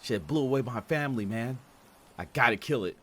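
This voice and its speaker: A man hosting an anime reaction video, talking casually and excitably with frequent swearing and laughter. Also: medium pitch, fairly quick, a little hiss or hum. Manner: excitable, profane, laughs often.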